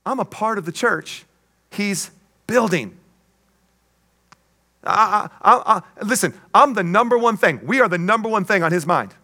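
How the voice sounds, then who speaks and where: Delivering a sermon with an emphatic call-and-response rhythm, this male pastor speaks in a high-pitched, bright, forceful voice. He slips playful jokes and asides in between his points. His delivery is expressive and moderately paced, with long pauses.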